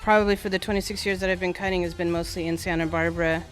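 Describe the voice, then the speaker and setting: A woman in her forties, working as a barber, tells personal stories in a relaxed interview and acts out the voices of the people in them. Her voice sits a little low. Faint music plays softly behind her in the barbershop. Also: very fast. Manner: animated storyteller acting out quoted voices. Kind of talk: casual storytelling interview.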